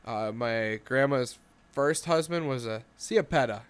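A man's voice: medium pitch, measured pace, clean tone. A man in casual podcast chat, telling rambling family stories and acting out the quoted voices.

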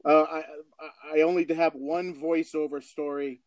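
A man from Portland hosting a casual interview, telling animated stories and laughing often. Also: a little high, normal speed, dry recording. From Portland, Oregon. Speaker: host.

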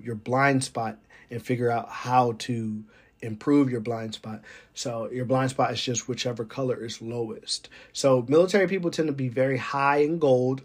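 Rambling man musing with wry laughs. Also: medium pitch. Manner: rambling, digressive, many fillers. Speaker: military weather forecaster. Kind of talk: casual monologue.

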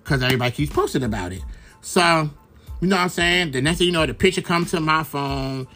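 A man's voice: fairly high pitch, lively intonation, brisk, bright, forceful tone, soft background music. Chatty profane Brooklyn man gossiping. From Brooklyn, New York. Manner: chatty, profane, rambling with many fillers. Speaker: podcast host. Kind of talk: casual gossip monologue.

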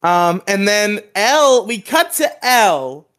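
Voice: medium pitch, very animated, slow, a bit bright. A podcast co-host giving a casual, rambling recap of an episode, laughing often and acting out quoted lines.

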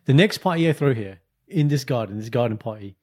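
A man's voice: mid-range voice, expressive, fairly quick, a little mellow. A man hosting a casual podcast, firing jokey, probing questions at his guest.

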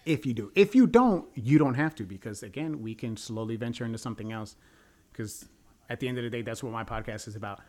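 A man hosting a podcast in casual chat, rambling and crude as he tells his stories. His voice sits at an ordinary middle pitch. He is animated and talks loosely, with plenty of restarts. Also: quick pace. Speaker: podcast host. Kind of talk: casual storytelling.

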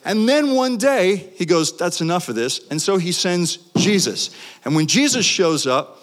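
A man preaching a sermon with passion, his pitch swinging widely as he builds to big points. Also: expressive, a little slow. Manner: impassioned, with sweeping pitch swings. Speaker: guest preacher. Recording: long hall reverb.

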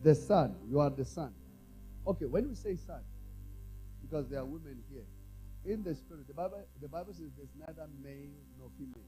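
A man preaching a sermon with a high, lively voice that climbs and falls across a wide range. His tone is mellow rather than sharp. He moves between hushed asides and raised calls to the congregation over faint music. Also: brisk, rough recording. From South Africa. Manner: call-and-response preaching, asks the congregation to repeat lines; swings from quiet, low asides to loud, raised exhortation. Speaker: apostle preaching.

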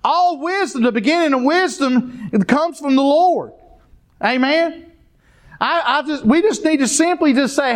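A man's voice: very high-pitched, expressive, moderate pace. A man preaching a sermon, telling stories and calling out to the congregation. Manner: storytelling, addresses the congregation directly.

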